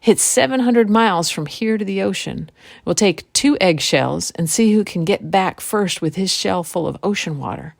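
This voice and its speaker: A woman's voice: mid-range voice, lively intonation, normal speed, creaky, no room sound, studio quality. A woman doing a sly boastful old witch. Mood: scheming. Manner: folksy country speech, wagering and cajoling.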